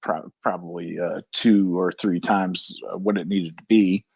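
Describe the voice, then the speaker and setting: A man speaking haltingly in a live audio discussion, full of fillers and restarts. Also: low voice, fairly even intonation, creaky, darkish tone, husky, dry recording. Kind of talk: casual discussion.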